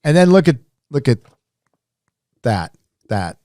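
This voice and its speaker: A man hosting a live stream, rambling casually with lots of fillers and restarts, his voice rising when animated. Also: medium pitch, slow, no echo, clean studio sound. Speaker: live show host.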